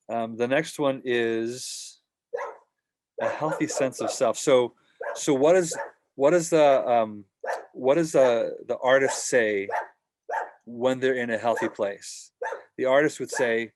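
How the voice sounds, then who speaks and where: A man's voice: mid-range voice, a little slow, background noise. A man teaching a worship team workshop in a casual, conversational way, often acting out short voiced examples.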